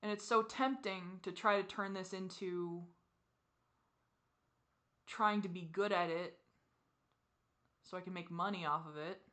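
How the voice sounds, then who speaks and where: A woman venting in a personal confessional vlog, teary and frustrated, with sighs and soft muttered asides. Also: lowish voice, unhurried, pauses often. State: teary, crying. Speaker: vlogger.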